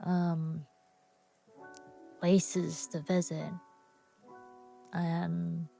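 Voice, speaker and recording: A woman's voice: on the low side, vocal fry, a little mellow. A woman hosting her own podcast, musing in a dreamy, rambling way with many fillers. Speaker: podcast host. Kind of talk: casual solo rambling.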